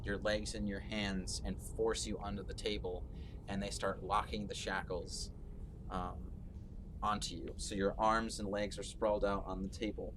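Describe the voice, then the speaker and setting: A man narrating a tabletop game as game master, slow and hesitant with fillers. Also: on the low side, little pitch movement. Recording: clear background noise.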